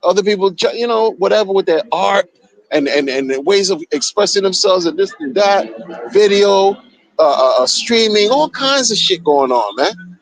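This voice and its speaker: A man's voice: high-pitched, moderate pace, no echo, poor audio. A man streaming casual commentary, mocking and profane, repeating himself as he rants. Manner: animated, mocking, profane, repetitive.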